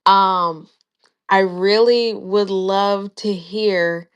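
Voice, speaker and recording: A woman co-hosting a casual live-stream chat, talking in an animated, emphatic way and going off on tangents. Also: mid-range voice, very slow, smooth.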